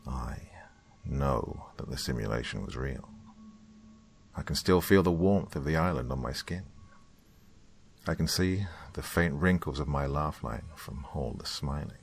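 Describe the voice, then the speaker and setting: Deep-voiced man narrating a dark tale. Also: lively intonation, unhurried, gravelly. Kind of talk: scripted horror story narration.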